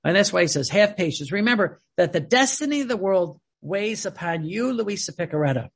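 Delivering a sermon in a high, gravelly, husky voice, a man reads devotional passages briskly with lively intonation, adding earnest, emphatic commentary that alternates between loud and soft.

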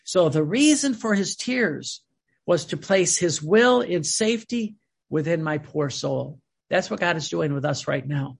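A man preaching a sermon, reading devotional passages aloud and commenting on them in an earnest, emphatic way that swings between loud and soft. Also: on the high side, lively intonation, unhurried, vocal fry, breathy edge.

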